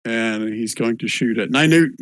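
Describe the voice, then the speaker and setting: A man running a tabletop game online as dungeon master, relaxed and thinking aloud as he rules. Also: medium pitch, moderate pace, no echo.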